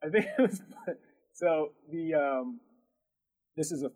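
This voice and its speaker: Man, fairly high voice, rambling storyteller, lots of fillers, casual chat. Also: expressive, unhurried, darkish tone, low-quality recording. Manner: rambling, filler-heavy, laughs through the story. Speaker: production company owner.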